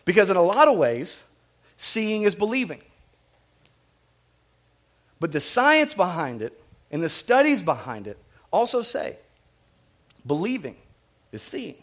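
High-voiced man preaching a casual sermon. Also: big pitch swings, a little slow, long pauses, a bit bright. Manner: conversational, self-correcting and repetitive, with asides and humor. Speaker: pastor.

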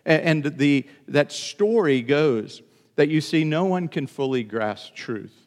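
A man preaching a sermon in an earnest style, sometimes rising into emphatic high bursts. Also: animated, slow, a little mellow, big-room sound. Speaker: pastor.

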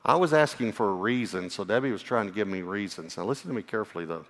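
Earnest low-voiced pastor in a reverberant hall. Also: male voice, animated, fast talker. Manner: earnest, personal, drops to a hushed voice for emphasis. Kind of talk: sermon. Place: church.

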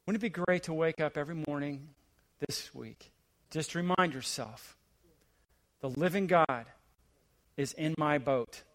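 A middle-aged man preaching a sermon as a visiting pastor, building to emphatic, rising questions and then dropping to a quiet, hushed delivery. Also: measured pace, pauses often. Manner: swings between rising, emphatic preaching and hushed, low asides.

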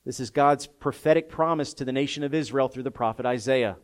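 A man's voice: mid-range voice, fairly quick. Impassioned preacher man with big dynamics. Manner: builds from soft, intimate tones to loud, impassioned emphasis; openly emotional and personal. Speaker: pastor. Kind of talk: sermon. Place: room with a live congregation.

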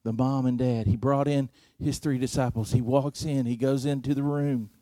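A man preaching a sermon, telling a story slowly and deliberately, his volume rising and falling for effect. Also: medium pitch, steady tone, warm tone, no room sound, clean studio sound. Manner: slow, deliberate preaching with dramatic swings in volume.

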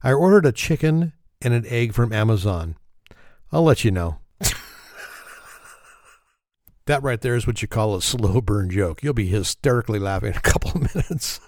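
A man's voice: lowish voice, animated, moderate pace, pauses often, a little mellow, dry recording, studio quality. A man telling a string of dad jokes, self-mocking and chuckling at his own punchlines. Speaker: joke teller.

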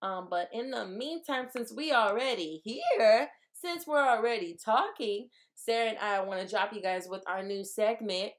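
A woman's voice: mid-range voice, expressive, normal speed, few pauses. A woman with a mid-range voice co-hosts a casual podcast. She chats freely in slang and giggles often. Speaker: podcast co-host. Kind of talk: casual chat.

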